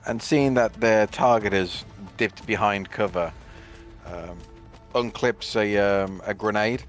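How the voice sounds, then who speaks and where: A man's voice: lowish voice, slow, soft background music. A man playing a tabletop role-playing game, describing his character's actions with a lot of hesitation. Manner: hesitant, full of fillers. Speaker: player.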